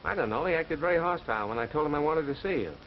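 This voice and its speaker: An actor playing a newspaper reporter in 1930s film acting, with breezy, wisecracking banter. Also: male voice, fairly high pitch, expressive, racing, slight background noise. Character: wisecracking young male college reporter. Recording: dull, lo-fi old film soundtrack.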